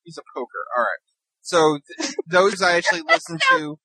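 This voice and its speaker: A woman hosting a podcast in casual chat, chatty and quick to laugh. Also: fairly low pitch, husky, no echo, poor audio. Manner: laughs often, lively and chatty. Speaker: podcast host.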